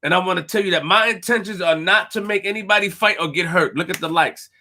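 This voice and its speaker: Brash, high-voiced man ranting on a live stream. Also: fast, pushed and bright, slight background noise. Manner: boastful, emphatic, repeating phrases and stumbling over words. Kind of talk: fired-up live-stream rant.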